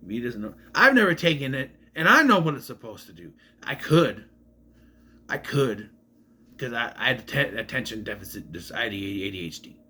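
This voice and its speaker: A man's voice: mid-range voice, very animated, normal speed, pushed and bright, breathy edge. A man casually reviewing a film to camera, rambling, restarting his sentences and swearing bluntly. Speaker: movie reviewer.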